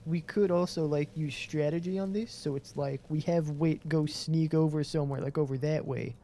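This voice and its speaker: A man talking laid-back and slangy as a tabletop player, laughing often. Steady background noise and clicks run under his voice. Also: fairly high pitch, moderate pace. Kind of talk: casual tabletop game chat. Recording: noisy mic with clicks.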